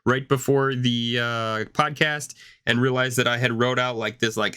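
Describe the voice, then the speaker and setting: He speaks at a moderate pace with fairly even intonation, his medium-pitched voice bright, forceful and smooth despite hoarseness from a cough. The man co-hosts a gaming podcast, chatting casually and rambling with plenty of restarts.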